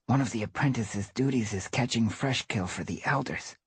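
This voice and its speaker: A man voicing an eager, chatty young tom cat apprentice, pitched well above his own voice. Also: moderate pace, slightly rough, dry recording. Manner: chatty and helpful.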